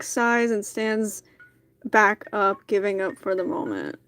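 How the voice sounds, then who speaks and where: A woman's voice: medium pitch, sing-song, takes it slowly, a bit bright. A woman streamer reading a dating game's narration aloud, with casual asides.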